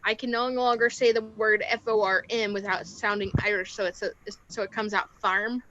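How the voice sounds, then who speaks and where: A woman in a casual group chat who makes dry, deadpan joking remarks. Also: mid-range voice, a little fast, a little hiss or hum. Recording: dull lo-fi audio.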